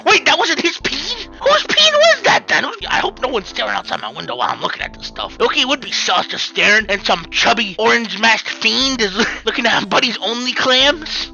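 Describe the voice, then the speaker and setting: A man hosting a comedic reaction video, loudly yelping and talking to his viewers as fellas. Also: extremely high pitch, very animated, moderate pace, gravelly, hardly any pauses, soft background music, poor audio.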